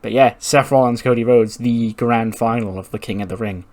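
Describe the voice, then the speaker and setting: Man, casual let's-play commentary, excitable, chatty, casual swearing, average pitch. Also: moderate pace. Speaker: game commentator.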